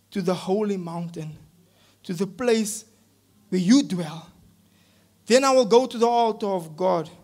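Guy preaching in a church, pretty high voice, casual slang, gets loud and pleading then drops to quiet reading. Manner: informal slang mixed with scripture reading. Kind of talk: sermon.

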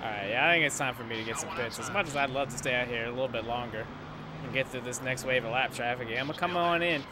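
A young man giving casual, rambling gameplay commentary, sarcastic and quick to swear when frustrated. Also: medium pitch. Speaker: gaming YouTuber. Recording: loud engine noise behind voice. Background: game engine noise.

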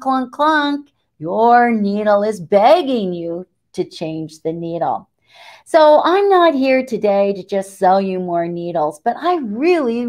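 A middle-aged woman giving a lively sewing tutorial, who asks questions and answers them herself. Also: medium pitch. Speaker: sewing needle expert. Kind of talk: lively live tutorial talk.

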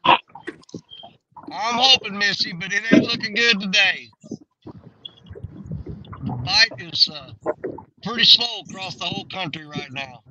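High-voiced fishing host, distant and noisy. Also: male voice, slow, long pauses. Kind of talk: casual livestream chat from a boat. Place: on a boat on a river, outdoors. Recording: distant muffled outdoor mic with loud noise.

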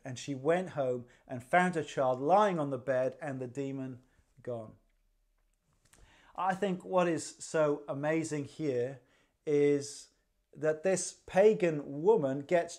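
A man's voice: on the high side, a little mellow. A man preaching a livestreamed sermon, conversational and dryly humorous, with rhetorical questions. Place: church livestream.

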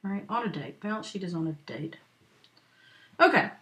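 A woman's voice: on the low side, expressive, a bit bright. A woman teaching an accounting lesson over a screen recording, walking students through a worked exercise patiently and checking in often. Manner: patient, talks slowly for note-takers; checks in with frequent "right?" and "okay?". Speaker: accounting instructor. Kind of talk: screen-recorded lecture walkthrough.

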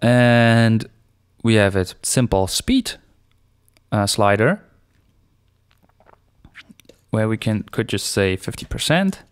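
A man hosting a screencast software tutorial, explaining each step in a relaxed, unscripted way with small fillers. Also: on the low side, takes it slowly, pauses often, clear, resonant tone, no echo.

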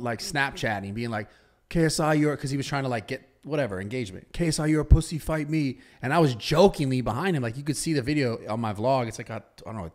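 Excitable man telling a rambling story. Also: medium pitch. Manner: rambling, excitable storyteller who acts out quotes. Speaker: podcast host. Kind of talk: casual chat, animated storytelling.

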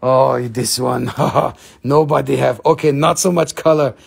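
A man's voice: mid-range voice, steady tone, unhurried, creaky, husky, heavily acted. A man putting on a haggling broken-English gem dealer. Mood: playful haggling. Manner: broken English, teasing sales patter.

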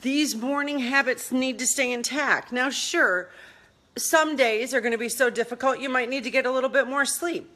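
Casting: middle-aged woman, energetic motivational vlogger, casual live-stream chat while walking, dramatic acted-out quotes. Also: mid-range voice. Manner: animated, laughing, acts out quotes dramatically.

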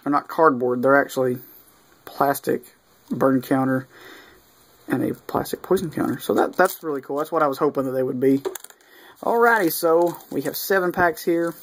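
A man talking casually through an unboxing at an ordinary pitch, reading card names in a steady run. He drops in small excited remarks and plenty of ums and uhs. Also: normal speed. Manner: easygoing, reads off cards one after another; mildly excited asides with fillers. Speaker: video creator opening card packs.

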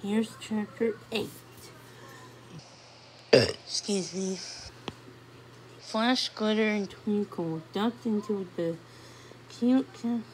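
Slow, gentle woman reading a storybook. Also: mid-range voice, slight background noise, rough recording. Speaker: read-along storyteller. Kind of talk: reading a children's chapter book aloud.

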